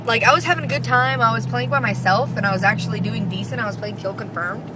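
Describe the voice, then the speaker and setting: A woman's voice: a little high, fast, background noise. A young woman vlogger ranting casually, profane, sarcastic and exasperated. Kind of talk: casual rant.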